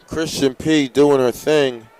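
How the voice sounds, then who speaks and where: A man's voice: medium pitch, takes it slowly, clean tone. A man announcing a live track meet, hyping runners, reading out heats and giving coaching tips. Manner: excitable, hypes runners and gives coaching tips. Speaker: race announcer.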